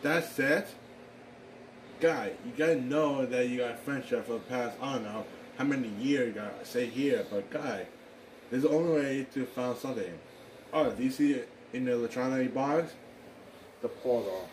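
A man improvising a fan drama, talking in a rambling, halting way with excitable exclamations. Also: medium pitch, a little hiss or hum, poor audio. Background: music.

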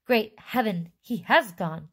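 A woman's voice: mid-range voice, animated, slow, fairly bright tone, husky, heavily acted. A woman voicing a blunt, gloomy middle-aged father with grim remarks, in a read-aloud storybook.

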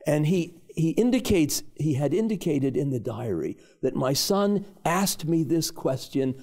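Male panelist, reflective storyteller, lively swooping pitch, raspy edge. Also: measured pace. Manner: thoughtful, builds to emotional emphasis.

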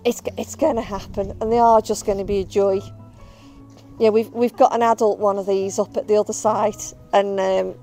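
A woman's voice: medium pitch, little pitch movement, moderate pace, dark tone, faint music behind. A woman, a bird of prey handler, chatting casually and affectionately while filming outdoors. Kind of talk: casual video update.

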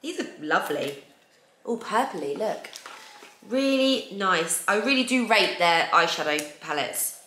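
A woman's voice: mid-range voice, animated, measured pace, bright, forceful tone. Chatty english woman gushing over makeup, echoey room, bit of hiss. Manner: gushing, chatty, enthusiastic about products. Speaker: beauty vlogger host. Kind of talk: casual unboxing chat. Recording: echoey room with faint noise.

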